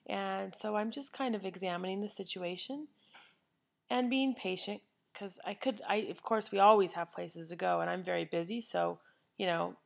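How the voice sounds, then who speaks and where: Chatty woman with a gravelly edge. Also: mid-range voice. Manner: chatty, earnest, with self-corrections. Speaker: vlogger. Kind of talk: casual storytelling to camera. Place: home living room by a fireplace.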